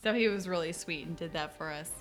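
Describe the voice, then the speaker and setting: A woman's voice: fairly low pitch, fast. A woman chatting casually as a host, telling stories with frequent laughter. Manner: chatty storyteller, laughs often. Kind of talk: casual chat.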